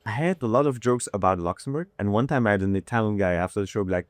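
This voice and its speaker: A man's voice: on the low side, fast talker, few pauses, no echo, clean studio sound. A man in his thirties, a comedian telling candid stories in a casual interview, acting out quotes as he goes. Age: 30s. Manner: candid, animated storytelling with acted-out quotes. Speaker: comedian guest.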